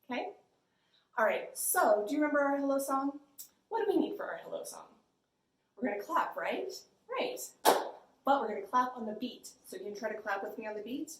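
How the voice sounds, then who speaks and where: A woman's voice: sits high, expressive, normal speed. A young woman librarian leading a children's storytime, bubbly and sing-song. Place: library room. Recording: echoey room.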